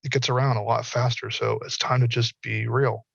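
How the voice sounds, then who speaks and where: A man's voice: medium pitch, flat delivery, moderate pace, creaky, no room sound, muffled recording. A middle-aged man on an online panel, a candid storyteller who acts out quotes as he researches virtual worlds.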